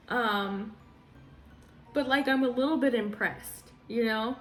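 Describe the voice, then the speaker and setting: Woman vlogger, slightly high voice, giggly, hesitant, soft music underneath. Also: takes it slowly, pauses often. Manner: giggly, laughs often, trails off and hesitates. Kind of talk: casual reaction commentary.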